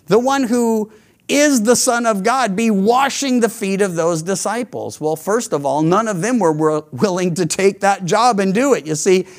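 A man preaching a sermon, telling the story with lively quoted lines and frequent restarts. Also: sits high. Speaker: pastor.

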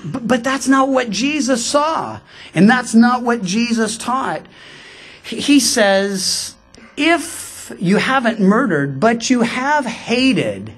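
A man preaching a radio sermon in a conversational, emphatic way, slowing down for quoted scripture. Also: very high voice. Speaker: pastor.

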